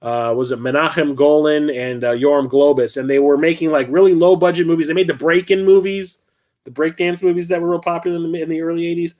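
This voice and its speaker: A middle-aged man chats casually about his film collection in a somewhat high voice. He rambles enthusiastically, trailing off into fillers and restarts. His pace stays loose and conversational. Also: fairly even intonation, quick pace, a little mellow. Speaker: host.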